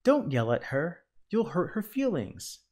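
A man reading aloud, voicing a timid, gentle older woman who agrees with everyone, in a soft, fretful manner. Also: on the high side, very animated, unhurried, pitched above the performer's own voice. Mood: pleading.

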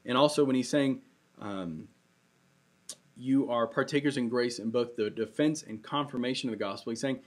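A man's voice: medium pitch, moderate pace. Young male pastor, laid-back storytelling sermon, mid-range voice. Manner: casual, conversational preaching with storytelling.

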